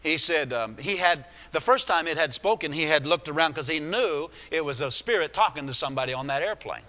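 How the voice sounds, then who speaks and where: A man's voice: on the high side, lively intonation, a little fast, bright, forceful tone. A man preaching a sermon, retelling a story with many restarts and asides. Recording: echoey hall.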